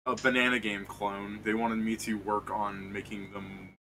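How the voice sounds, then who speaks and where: A man with a bright, forward voice hosts a stream and chats loosely over a voice call. He tells long stories, swears freely and drifts from point to point. A faint hiss sits under his computer mic. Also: fairly low pitch, flat delivery, measured pace. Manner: rambling, profane storytelling with laughs. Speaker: streamer hosting a tabletop game. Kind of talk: casual pregame chat over voice call.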